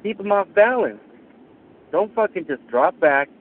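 A man's voice: high voice, animated, measured pace. A male caller ranting angrily with heavy swearing about his team's offense. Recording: tinny phone line with faint noise.

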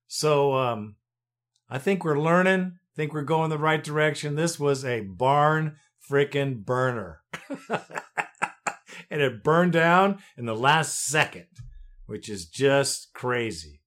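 A man's voice: on the high side, expressive, slow pace, fairly bright tone. A man hosting a sports call-in podcast, easygoing and chuckling between thoughts. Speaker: podcast host. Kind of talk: casual sports talk hosting.

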